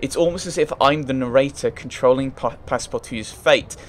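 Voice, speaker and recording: A man's voice: medium pitch, a little fast, slight background noise. A man playing a story game, reading its text aloud and thinking aloud in casual, hesitant commentary. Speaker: let's play gamer.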